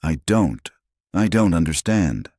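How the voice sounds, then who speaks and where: Give me a stammering, pleading disgraced husband, read by a man with a very low voice. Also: very animated, unhurried, a little mellow, dry recording, studio quality, heavily acted. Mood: desperate.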